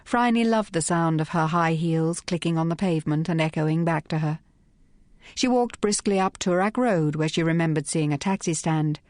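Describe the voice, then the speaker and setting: Crisp, wry woman reading an audiobook. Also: sits low, normal speed, darkish tone, dry recording. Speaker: audiobook narrator. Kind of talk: scripted narration.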